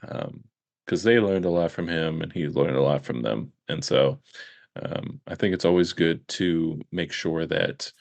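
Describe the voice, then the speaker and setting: A man's voice: a bass voice, creaky, no room sound. A man co-hosting a podcast, chatting casually in a laid-back way with dry, teasing asides. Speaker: podcast co-host. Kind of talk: casual chat.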